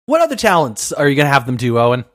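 A man in a casual comedy podcast who delivers crude jokes in a deadpan way. His pitch swings widely from line to line. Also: rapid-fire. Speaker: podcast co-host.

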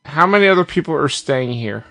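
A man's voice: on the high side, lively intonation, a little fast, gravelly, bright, forceful tone. A man co-hosting a comedy podcast, reacting with incredulous questions in improvised chat. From Ireland. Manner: incredulous, asks many questions. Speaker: podcast co-host.

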